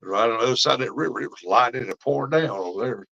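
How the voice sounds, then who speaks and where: A middle-aged man who runs a fishing vlog chats casually with viewers live, telling folksy stories and laughing frequently. His medium-pitched voice races along, gravelly, bright, and forceful, over dull lo-fi stream audio.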